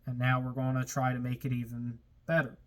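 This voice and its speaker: A man's voice: medium pitch, monotone, brisk, noisy background. A man hosting his own car-building videos, talking casually to viewers in a plain-spoken way that gets a little worked up. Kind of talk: casual workshop talk to viewers.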